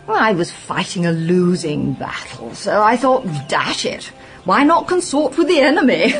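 A woman's voice: medium pitch, big pitch swings, measured pace, soft background music. A woman voicing a gossipy, theatrical upper-class woman with a plummy, gushing manner.

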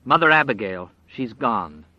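Out-of-breath young man, urgent and hurried , as a man reads him, slightly dull audio. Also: mid-range voice, expressive, no echo.

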